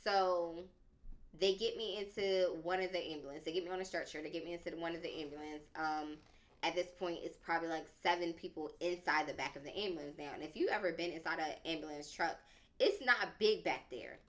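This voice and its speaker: A woman's voice: lowish voice, a little fast. A young adult woman telling a personal story on a podcast, in a casual, dramatic, slangy way. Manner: animated and dramatic, slangy, lots of "like". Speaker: podcast speaker.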